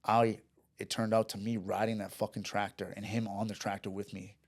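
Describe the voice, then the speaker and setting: A man's voice: fairly low pitch, flat delivery, fairly quick. A man telling a story in a casual chat, rambling and profane, with restarts and acted-out dialogue. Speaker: podcast guest.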